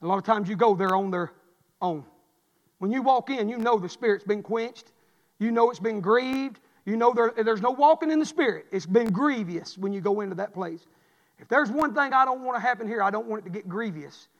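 A man preaching a revival sermon, building from quiet talk to shouting and calling for amens. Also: high voice, a little fast, lo-fi sound. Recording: reverberant church hall.

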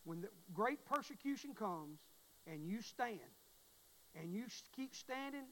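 A man in his forties with a Southern US accent, preaching a sermon in a folksy, emphatic way. He repeats his points and swings between hushed asides and near shouting. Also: sits high, animated, measured pace, poor audio. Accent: Southern US (Mississippi).

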